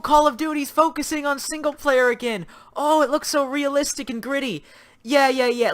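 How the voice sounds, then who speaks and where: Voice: sits high, sharp tone. A young adult livestream host chatting casually with viewers, reading chat aloud and ranting sarcastically about games.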